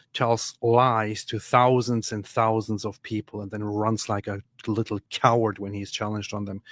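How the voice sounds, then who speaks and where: A man co-hosting a podcast, telling an anecdote in casual chat, animated and acting out what others said. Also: on the low side, no echo, clean studio sound. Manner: animated, acts out quotes, frequent restarts. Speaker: podcast co-host.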